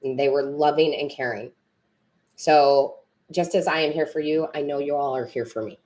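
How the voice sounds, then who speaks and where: A deep-voiced tarot reader and medium talks with her live-stream viewers, her words rambling and self-correcting as she becomes emotional and tearful. She speaks at a normal speed in a steady, slightly mellow tone.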